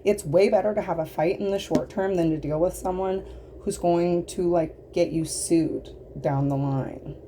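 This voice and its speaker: A woman's voice: fairly low pitch, normal speed, mellow, a little hiss or hum. A woman telling a storytime rant, indignant and exasperated, blunt, swearing, and full of fillers.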